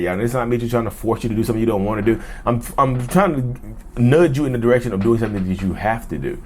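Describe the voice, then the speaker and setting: Low-pitched man host, animated casual talk to camera, repeats phrases. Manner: animated, repetitive, addresses viewers as y'all.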